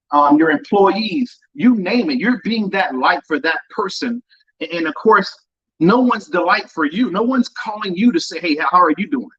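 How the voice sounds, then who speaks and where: A high-pitched, husky male voice on a panel talk. He speaks earnestly as a guest, rambling a little and repeating himself. The audio sounds dull and muffled. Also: a bit bright. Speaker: guest entrepreneur.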